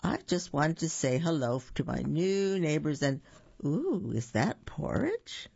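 A storyteller voicing a cheerful, nosy young girl in a storybook reading, with a slightly creaky, dull-sounding voice. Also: medium pitch, sing-song, measured pace, darkish tone, exaggerated voice.

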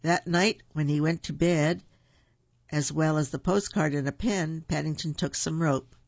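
A storyteller reading a children's storybook aloud in a gentle, playful way, in a dull, dry recording. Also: medium pitch, steady tone, measured pace, creaky, no echo.

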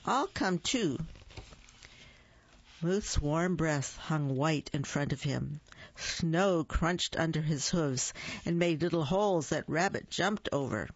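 Slow, careful storybook reader. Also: medium pitch, no room sound, highs cut off. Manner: slow, deliberate narration with small slips. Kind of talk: children's story read-aloud.

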